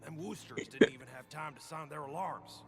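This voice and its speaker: A man's voice: a little high, fairly quick, gravelly, music in the background. An actor playing a weary male survivor in a video game, earnest and worried as he asks for help. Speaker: game character.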